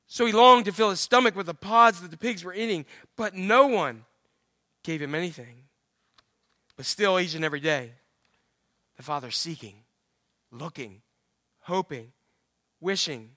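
A middle-aged man preaching a sermon, telling the story with lively acted-out voices and humor. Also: high-pitched, moderate pace, pauses often, dry recording, clean studio sound. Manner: animated storytelling, acts out the father's voice. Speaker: pastor.

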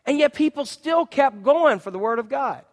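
A high-pitched man preaching from the pulpit, in his forties. He tells stories with lively energy and acts out the screams and voices himself. His voice rings through a church hall with a long echo. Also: moderate pace. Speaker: pastor. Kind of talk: sermon with personal story.

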